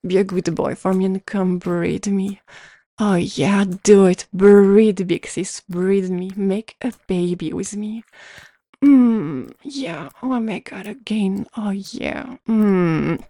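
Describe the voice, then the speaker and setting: A young woman speaks slowly and closely into the mic, her voice warm and mellow. She performs a dominant, teasing adult audio role-play, full of breathy murmurs. The sound is dry and intimate. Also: mid-range voice, no echo.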